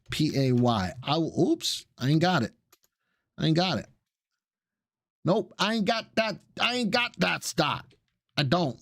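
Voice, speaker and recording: A man's voice: fairly high pitch, no room sound, studio quality. A middle-aged man hosting a live stock analysis show, talking casually with viewers and joking around. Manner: casual, jokey, chatty with viewers. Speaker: stock market show host.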